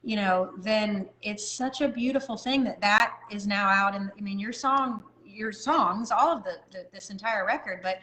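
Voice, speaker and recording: A woman's voice: medium pitch, normal speed, few pauses, sharp tone, low-quality recording. Woman co-host, encouraging, faith-focused talk. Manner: encouraging, speaks of the Lord.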